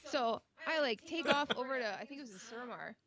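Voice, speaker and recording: A woman's voice: fairly high pitch, fast talker, a crowd in the background. A woman co-hosting a casual podcast, telling a gaming story with lots of filler words. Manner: animated storyteller, many "like" fillers. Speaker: podcast co-host.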